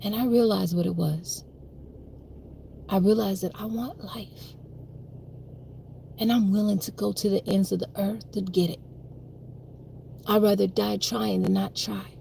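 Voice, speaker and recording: A woman's voice: medium pitch, steady tone, measured pace, gravelly, pauses often, mellow, a little hiss or hum. A young woman telling a personal story on a livestream, emphatic and repetitive, with frequent swearing. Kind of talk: livestream monologue.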